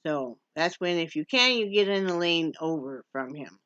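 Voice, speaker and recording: A woman's voice: low voice, animated, normal speed, a bit bright, no echo. Woman from wyoming chatting on her vlog, jokey, coos at her dog, kinda muffled lo-fi audio. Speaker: vlogger. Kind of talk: casual chat vlog. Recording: dull lo-fi sound.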